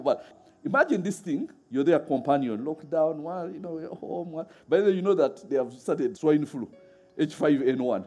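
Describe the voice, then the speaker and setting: A middle-aged man preaching a sermon in a lively way, laughing often and acting out voices as he tells stories. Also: fairly high pitch, a little fast.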